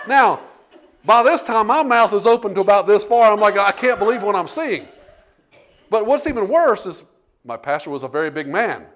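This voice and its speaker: A man preaching a sermon, telling a folksy story with emphatic, animated delivery. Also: on the high side.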